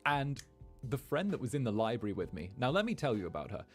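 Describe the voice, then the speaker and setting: A man's voice: mid-range voice, quick pace, soft background music. Chatty man telling a story. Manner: animated, chatty, acts out quotes. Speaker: VTuber streamer. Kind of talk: casual storytelling.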